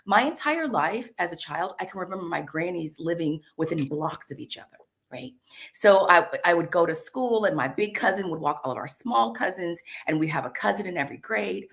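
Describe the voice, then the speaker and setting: Woman from the American South, interview guest, lively storyteller, bright tone. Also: lowish voice, brisk, vocal fry. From Southern United States, Arkansas. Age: adult. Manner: animated storyteller, laughs often. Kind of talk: conversational interview.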